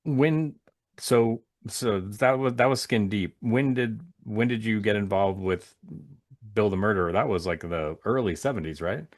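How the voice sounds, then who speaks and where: Male interview host, lowish voice, short encouraging remarks, brief questions, casual. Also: a little slow.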